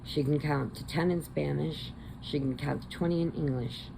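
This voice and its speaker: Low, gravelly, unhurried woman chatting. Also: noisy background. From American Midwest. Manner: chatty storyteller, animated quotes. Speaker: crochet vlogger. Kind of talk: casual chat.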